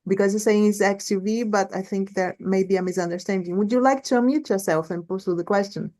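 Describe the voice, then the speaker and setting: Speaking fast in a mid-range, darkish voice, a seminar host runs a live online question session on a video call. She is chatty and keeps restarting sentences.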